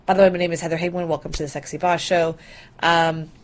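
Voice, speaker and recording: A woman's voice: fairly low pitch, quick pace. Bubbly woman hosting her own podcast. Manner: bubbly and excitable, with laughs and many fillers. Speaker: podcast host. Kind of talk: casual solo podcast talk.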